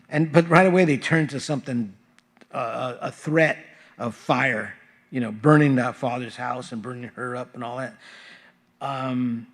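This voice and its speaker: A male pastor reading Bible verses aloud and explaining them in a casual, conversational sermon with frequent fillers. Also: medium pitch. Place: church sanctuary.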